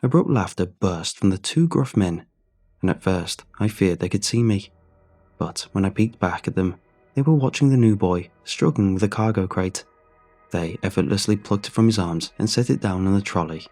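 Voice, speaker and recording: A man reading a horror story in measured, somber scripted narration. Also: low-pitched, expressive, a little mellow. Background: faint music.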